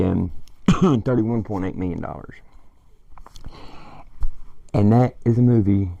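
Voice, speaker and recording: A man's voice: fairly low pitch, creaky, warm tone, dry recording, dull audio. A man casually retelling a movie plot, rambling and swearing as he quotes lines. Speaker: movie fan vlogger.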